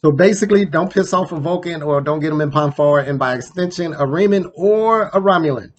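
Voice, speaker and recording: Casual man with a slightly high voice. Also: fairly quick, dull audio, slight background noise. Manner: loose, conversational, digressive with fillers and slang. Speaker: host. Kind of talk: casual ranking commentary.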